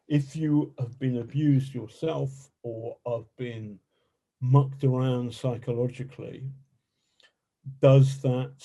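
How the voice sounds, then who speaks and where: A man guesting as a journalist on a podcast, talking in a halting way with many fillers and restarts. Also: mid-range voice, gravelly, dark tone. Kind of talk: podcast interview.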